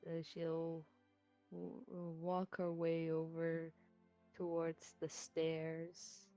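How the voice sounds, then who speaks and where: A woman's voice: sits low, monotone, very slow, dark tone, muffled recording, soft background music. A woman playing a tabletop game, playful and giggly. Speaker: player. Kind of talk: casual tabletop play.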